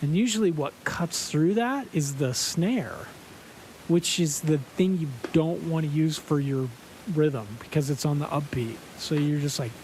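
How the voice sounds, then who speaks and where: A man's voice: fairly high pitch, slight background noise. A man who hosts a podcast and sings in a band, telling a story casually and acting out the quotes with lots of fillers. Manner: animated, acts out quotes, many fillers. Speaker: podcast host and band singer.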